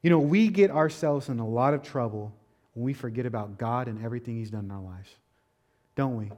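A man's voice: medium pitch, brisk. A man preaching a sermon, asking rhetorical questions, reading scripture and dropping casual asides. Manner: preaching with rhetorical questions, rising to loud emphatic peaks. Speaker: pastor.

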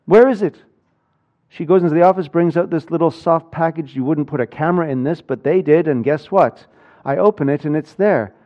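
A man preaching a sermon, telling a personal story with animated swings between loud and hushed delivery. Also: fairly high pitch, fairly quick, highs cut off. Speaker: pastor.

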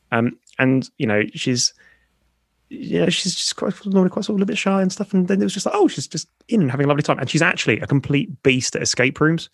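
A man's voice: medium pitch, a little fast, no echo. A man in the middle of his range chats loosely and makes fun of himself while he hosts a podcast. The sound is dry and close to the mic, with no room around it. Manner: rambling, self-deprecating storyteller. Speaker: podcast host. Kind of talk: casual chat.

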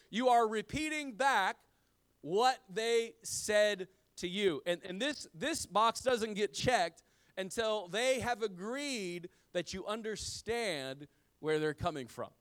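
Lively, smooth-voiced man preaching. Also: unhurried. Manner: animated preaching, swinging from loud emphasis to hushed low lines; casual slang, says "yo". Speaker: pastor. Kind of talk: sermon.

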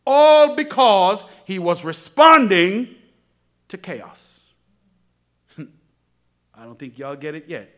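A man preaching a sermon, building to shouts and dropping to whispers, with slow emphatic repetition. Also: sits high, lively intonation. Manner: dramatic, swings from shouting to near-whispers.

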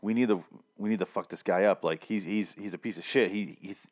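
A man's voice: fairly low pitch, fast talker, a little mellow, close to an everyday voice. A man quoting a blunt scheming woman. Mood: conspiring.

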